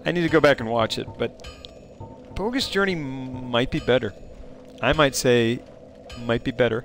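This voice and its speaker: A man streaming a game live, chatting playfully with viewers and breaking into sudden high exclamations. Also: moderate pace, long pauses, faint music behind. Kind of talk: casual live-stream chat while playing.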